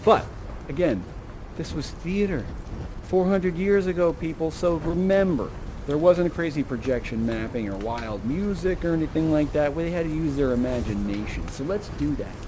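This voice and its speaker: Chatty, high-voiced male theatre guide. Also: normal speed, noisy background. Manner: chatty, animated, tags lines with okay and right. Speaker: actor and guide of an interactive theatre show. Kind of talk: interactive virtual reality theatre. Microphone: VR headset mic.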